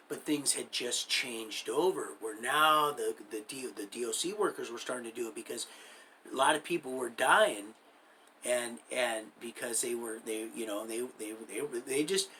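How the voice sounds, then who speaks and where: A man's voice: medium pitch, sharp tone, a little hiss or hum, rough recording. A man casually telling a story from his own life, rambling with many restarts and acting out what others said, in streetwise slang. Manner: rambling, full of restarts and acted-out quoted dialogue.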